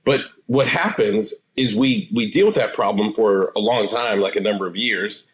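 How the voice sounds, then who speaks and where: Calm assured man in his forties. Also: on the low side, normal speed, breathy edge. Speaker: therapist guest. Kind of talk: interview answers.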